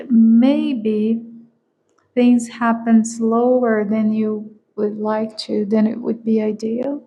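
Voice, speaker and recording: A tarot reader whose first language is not English, speaking slowly and searching for words, often laughing as she gives a collective reading. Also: a little high, mellow, low-quality recording.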